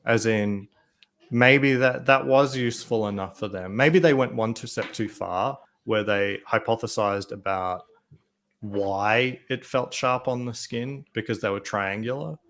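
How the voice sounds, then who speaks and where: A man's voice: medium pitch, fairly bright tone. A man in casual chat, speculating and asking questions. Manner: speculative, questioning, quick asides. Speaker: podcast co-host.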